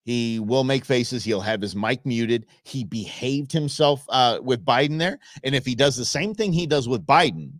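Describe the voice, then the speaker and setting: A man's voice: mid-range voice, expressive, normal speed, few pauses, no echo, studio quality. A man hosting a live show, telling rambling stories and answering chat with frequent restarts and asides. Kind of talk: casual rambling live-stream commentary.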